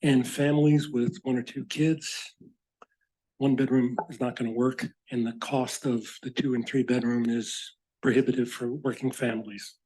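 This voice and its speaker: A man resident speaks at a city hall meeting with a mellow, warm voice. He sets out his concern in a measured, earnest way. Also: medium pitch, fairly even intonation, husky. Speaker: resident asking a question. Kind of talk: public meeting Q&A.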